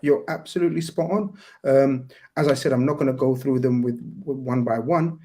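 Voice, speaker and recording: A man hosting a call-in show, polite and measured, speaking with formal courtesy to a caller. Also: medium pitch, dark tone. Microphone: video call.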